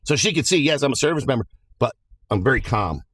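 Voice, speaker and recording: A man's voice: medium pitch, lively intonation, fast, fairly bright tone, husky, dry recording. A man in a plain-spoken, casual manner, recounting a personal story.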